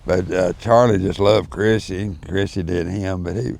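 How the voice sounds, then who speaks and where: A low-voiced older man with a drawl and a gravelly edge. He rambles through folksy stories in a casual interview, full of fillers and asides. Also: steady tone, moderate pace, darkish tone, no room sound. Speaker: interview guest. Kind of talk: storytelling in casual chat.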